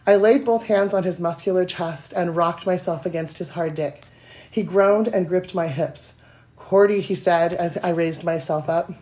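A woman with a breathy voice reading erotic fiction aloud, a bit self-conscious. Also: on the low side, moderate pace, mellow. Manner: self-conscious, giggly between passages. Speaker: guest reader.

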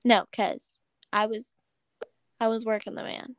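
Young woman, fairly high voice, teasing, wry, casual chat, dry close mic. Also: steady tone, measured pace, dry recording. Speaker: podcast co-host.

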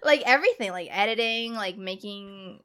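A woman's voice: medium pitch, expressive, moderate pace, a bit bright, clean tone. A young woman co-hosting a podcast in casual chat, giggling and joking, with lots of filler words. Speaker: podcast co-host.

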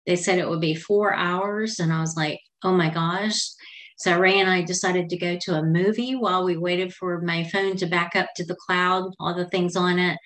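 Chatty middle-aged woman, slightly low voice. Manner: chatty, meandering, heartfelt. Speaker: podcast host. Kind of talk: casual personal storytelling.

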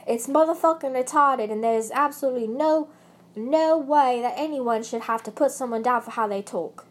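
A young British woman vlogs an emotional personal rant about her ex, rambling, swearing heavily, and breaking into angry bursts. Her voice sits on the high side and moves at a normal speed.

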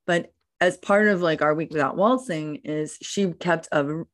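A woman with a notably low voice tells her point casually, with "like" scattered through her sentences. The recording is dry and close. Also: measured pace, no room sound. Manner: chatty, peppered with "like". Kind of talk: casual conversation.

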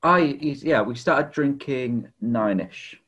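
A man co-hosting a casual film podcast, halting and giggly, often trailing off. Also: medium pitch, a bit bright, husky, lo-fi sound. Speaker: podcast co-host.

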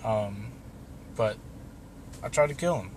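A man's voice: lowish voice, lively intonation, takes it slowly, heavy background noise. Young man telling a story casually, swearing. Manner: loose and profane, laughing through the tale.

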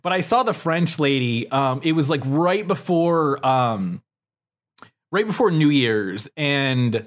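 A man's voice: a little high, lively intonation, takes it slowly. A young man co-hosting a casual chat podcast, telling a story in a rambling way with many fillers and swears. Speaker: podcast co-host.

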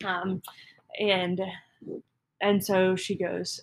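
A woman's voice: mid-range voice, steady tone, normal speed, gravelly, a little hiss or hum. A woman from Texas telling a personal story in a casual, self-deprecating way, full of "um" and "like". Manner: self-deprecating, chatty, many fillers like "um" and "like".

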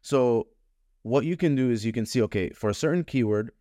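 A man talking as a podcast guest in a casual, frank and animated way, with frequent fillers and casual swearing. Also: mid-range voice, brisk, dry recording, studio quality. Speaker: podcast guest, advertising consultant. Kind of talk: casual conversational interview.

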